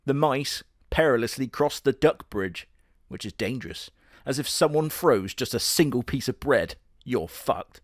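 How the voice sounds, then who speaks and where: A man's voice: mid-range voice, a little slow, no echo, clean studio sound. Profane, sarcastic man reviewing a cartoon. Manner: sarcastic, profane, deadpan jokes. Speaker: reaction video host. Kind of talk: comedic reaction commentary.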